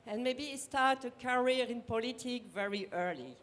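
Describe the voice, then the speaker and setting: A woman's voice: fairly high pitch, moderate pace, fairly bright tone. A woman with a French accent gives an earnest welcome speech at a party assembly. She sometimes searches for words and restarts her sentences. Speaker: co-chair of a national party branch. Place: conference room.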